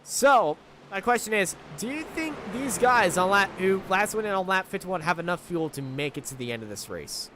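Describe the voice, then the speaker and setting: A man calling a live sim racing broadcast as play-by-play commentator, excitable and shouting at the big moments. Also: high-pitched, normal speed, background noise.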